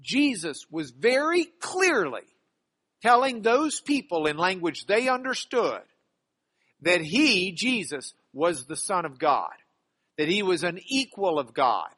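A man's voice: sits high, very animated, slow pace, a bit bright. A man preaching a sermon, rambling and often repeating and restarting his words.

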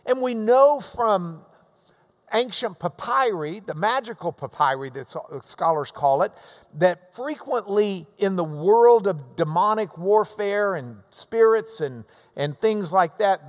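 A man delivers a sermon in a slow, deliberate teaching manner, leaning on repeated phrases to drive each point home. His voice sits high for a man. The sound carries the long reverb of a large hall. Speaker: preacher.

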